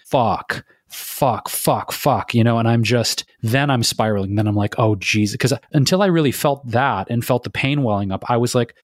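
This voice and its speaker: A man's voice: lowish voice, no echo, clean studio sound. A man from Michigan telling a personal story on a podcast, candid and emotional, swearing often. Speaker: podcast co-host. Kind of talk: casual podcast conversation.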